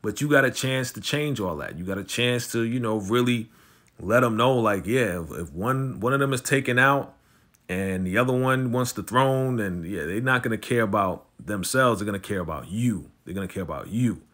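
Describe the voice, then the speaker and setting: A man quoting a smooth, persuasive male fixer. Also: lowish voice, animated, normal speed, fairly bright tone.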